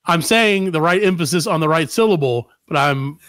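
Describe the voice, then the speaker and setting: A man's voice: fairly high pitch, lively intonation, moderate pace, a bit bright, no echo. A man co-hosting a comedy podcast, rambling through self-deprecating stories in casual banter. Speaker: podcast co-host.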